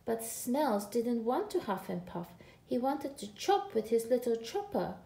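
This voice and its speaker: A woman reads a children's picture book aloud, expressive and slow, her voice mellow with a lively rise and fall. The room around her sounds echoey. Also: on the high side, vocal fry. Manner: expressive, drawn out. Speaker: storyteller.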